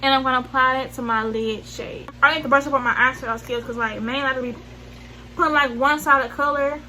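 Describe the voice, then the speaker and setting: High-pitched and fairly quick, this woman's voice is bright and forceful, holding a steady tone. She has a Southern US accent and rambles through a makeup tutorial as a beauty vlogger, using slang, correcting herself, and losing track mid-sentence. There's slight background noise in the low-quality recording.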